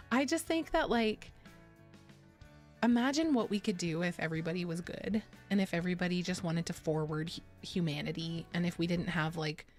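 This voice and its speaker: A woman's voice: on the low side, brisk, faint music behind. A young woman streamer chatting casually, rambling, swearing and laughing often. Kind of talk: casual live-stream chat.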